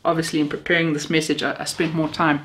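A woman's voice: low voice, flat delivery, fast talker, a bit bright, a little hiss or hum. A woman from Namibia, preaching a sermon built on personal stories, heartfelt with a self-mocking sense of humor.

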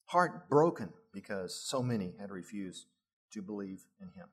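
A man's voice: on the low side, animated, moderate pace, husky. A middle-aged male pastor preaching a sermon, lifting his voice for emphasis and adding chuckling asides.

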